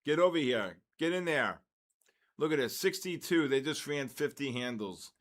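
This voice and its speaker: A man's voice: mid-range voice, animated, normal speed. An older man from the Bronx, hosting a live trading stream and chatting casually with viewers between market calls. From the Bronx, New York.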